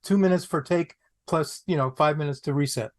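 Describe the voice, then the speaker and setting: A man, an actor guest on a podcast, telling anecdotes in an animated way, repeating phrases for comic effect. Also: on the high side, fairly quick. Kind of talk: anecdotal storytelling.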